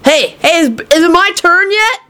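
A woman voicing an eager, clueless young man who stammers in a high voice. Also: lively intonation, moderate pace, bright, forceful tone, full character voice.

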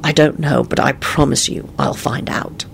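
Brief: weary protective wizard man, quiet and low, a little gravelly, read by a woman. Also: fairly even intonation, normal speed, slight background noise, exaggerated voice. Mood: soft. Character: weary protective male wizard, middle-aged.

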